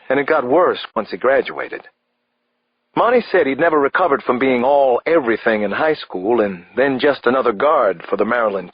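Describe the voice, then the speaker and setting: Guy reading a thriller audiobook, expressive, bit husky, dry slightly muffled sound. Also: medium pitch, no room sound. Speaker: audiobook narrator. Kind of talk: first-person thriller narration.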